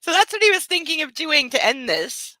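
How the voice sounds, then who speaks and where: A woman's voice: high-pitched, lively intonation, fast talker, bright, forceful tone, dry recording, rough recording. A woman hosting a book club, reading a novel aloud and breaking off with mocking, laughing commentary. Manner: mocking asides between read passages; laughs often.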